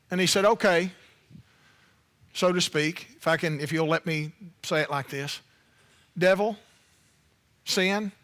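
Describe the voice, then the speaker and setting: A man delivers a sermon in a high, bright voice. He preaches in a loose, conversational way and keeps turning to the congregation with playful asides. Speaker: pastor.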